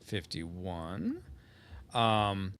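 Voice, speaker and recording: A man hosting a podcast in casual, joking banter, quick to laugh. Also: deep voice. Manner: jokey, animated, laughs often. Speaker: podcast host. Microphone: podcast mic.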